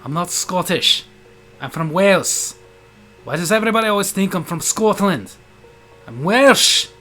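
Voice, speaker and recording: A man's voice: sits high, animated, measured pace, pushed and bright, faint music behind, voice pushed up, full character voice. A man voicing an irritated male coworker who protests in an exasperated, indignant way. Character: irritated male coworker, fed up, hot-tempered.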